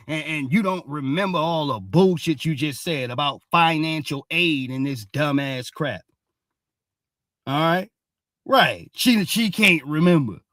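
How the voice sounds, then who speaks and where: A man with a slightly high, somewhat bright voice hosts a ranting commentary show about social media posts, heated and mocking, swearing and saying "all right?" over and over. The recording is clean studio sound with no room sound.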